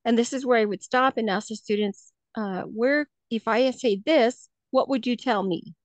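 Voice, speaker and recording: A woman's voice: a little high, normal speed, no echo. A woman who teaches third grade, presenting a lesson in a workshop, talking hesitantly with many fillers and restarts, heard over a video call.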